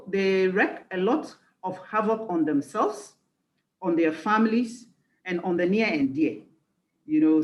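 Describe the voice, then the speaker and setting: A woman's voice: medium pitch, roomy sound, rough recording. Earnest woman giving a conference talk. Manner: earnest and reflective, stressing key phrases. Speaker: executive life coach and speaker.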